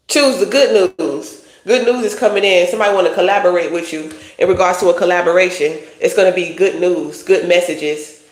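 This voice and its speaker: A tarot reader giving a casual livestream reading, talking bluntly in profane slang. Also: medium pitch. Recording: roomy echo.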